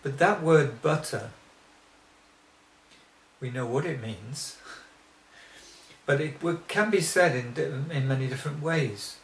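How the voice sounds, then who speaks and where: A male teacher explains things at a very slow, deliberate pace. He stumbles, restarts sentences and clears his throat now and then. His voice rings in a roomy space over a faint background hum. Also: mid-range voice. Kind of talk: spoken lesson.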